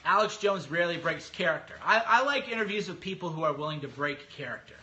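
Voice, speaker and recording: Animated man with a high bright voice. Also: quick pace. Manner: animated, mocking impressions of others. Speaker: podcaster. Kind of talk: casual monologue.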